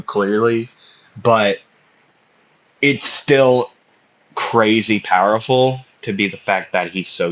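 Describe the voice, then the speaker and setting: Male fan storyteller, slow and meandering, full of ums, lo-fi mic. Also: on the low side, fairly bright tone. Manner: rambling, hesitant, many fillers and self-corrections. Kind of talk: casual spoken fan fiction. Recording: slightly muffled lo-fi audio.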